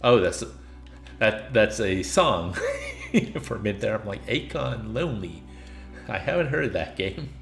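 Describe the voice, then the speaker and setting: A man's voice: fairly low pitch, lively intonation, normal speed, vocal fry, a bit bright, echoey room, soft background music. A man streaming a video game, casually chatting with viewers and laughing at himself. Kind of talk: casual gameplay commentary.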